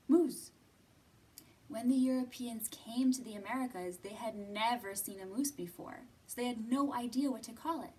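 A young woman hosts a library storytime for small children, speaking slowly and patiently. She coaxes with sing-song questions and now and then sinks to a whisper. She sits a little back from the mic, with a faint hiss behind her. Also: medium pitch, recorded from a distance. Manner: gentle, coaxing, sing-song questions to kids. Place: library room.

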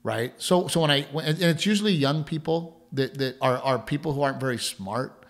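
A man's voice: mid-range voice, fairly quick. A man co-hosting a podcast, telling a family story in a rambling casual way with many restarts. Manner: rambling, repeats words, laughs while telling a story. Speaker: podcast co-host.

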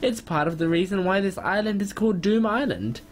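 A man's voice: high voice, brisk, slight background noise, voice pushed up, close to an everyday voice. A man reading a friendly island villager woman's lines in a casual, chatty way.

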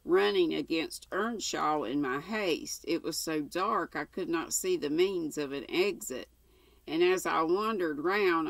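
A woman's voice: low voice, creaky, no room sound. An older woman reads a classic novel aloud in a plain, homely way, stumbling now and then and going back over words. Her voice is close to the mic in a dry, dead room. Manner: plain reading with occasional stumbles. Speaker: audiobook reader.

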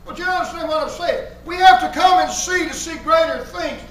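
A man preaches a fervent sermon in a very high, bright voice, repeating his key phrases for emphasis. He sounds far from the microphone, and his voice echoes heavily around the church sanctuary. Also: fairly quick. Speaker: pastor.

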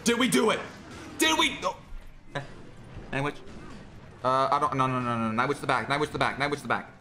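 A young man giving excitable, jokey running commentary on his own gameplay, talking to himself as he plays. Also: mid-range voice, fairly quick. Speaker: gaming creator.

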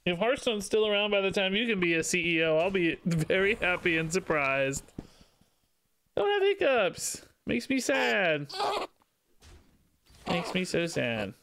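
A man's voice: moderate pace, few pauses, a bit bright, clear, resonant tone. A man streaming a card game live, chatting casually and cooing in baby talk between his commentary on the game. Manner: bouncy, sing-song pitch jumps.

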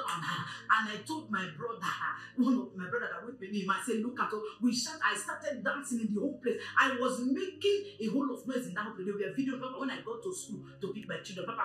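Woman, 30s, emotional testimony, a bit high, away from the mic, soft music behind. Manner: excited, keeps crying out "Papa". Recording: echoey room, far from mic.

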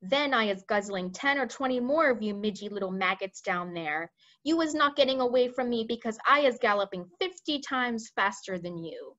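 A huge, cowardly man-eating giant, as a woman reader puts him on, bellowing in mangled grammar, pitched well up and very loud. A storybook reading on a dull, lo-fi recording. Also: animated, normal speed. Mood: menacing.

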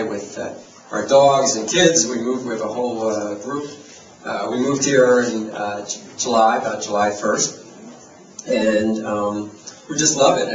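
A man from New Jersey, a university president, giving a chatty, self-deprecating welcome speech full of fillers and restarts. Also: on the low side. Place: reception in a large hall. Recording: roomy hall, mic at a distance, noisy.

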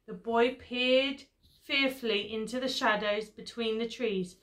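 A woman's voice: a little high, a bit bright. A woman teacher reading a picture book aloud to children. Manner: slow, clear storybook reading. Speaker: primary school teacher.

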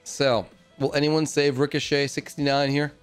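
A man hosting a game stream, calling out players in a casual, upbeat way, with soft music underneath. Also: on the high side, flat delivery, clean tone. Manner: upbeat, announcing players with quick asides. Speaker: game host.

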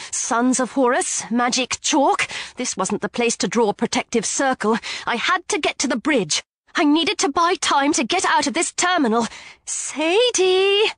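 Lady reading an audiobook, high voice, dry close mic, lively storytelling. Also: no room sound. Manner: lively first-person storytelling. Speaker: audiobook narrator. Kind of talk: scripted narration.

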